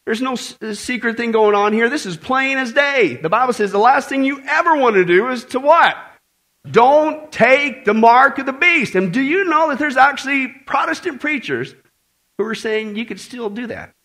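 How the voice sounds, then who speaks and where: Animated high-voiced male preacher. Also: normal speed. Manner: animated, joking asides to the congregation, emphatic repetition. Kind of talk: sermon.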